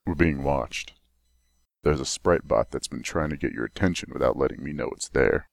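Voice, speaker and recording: A man voicing a gruff, guarded male pony in heavy armor, speaking low and grim. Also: normal speed, dry recording. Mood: wary. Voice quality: very deep gravelly voice.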